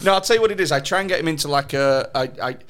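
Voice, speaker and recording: A man's voice: on the high side, rapid-fire, a bit bright. Storytelling man with a Lancashire accent. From northern England. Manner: swears a lot, tells stories with laughter. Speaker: podcast co-host. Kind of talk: casual chat.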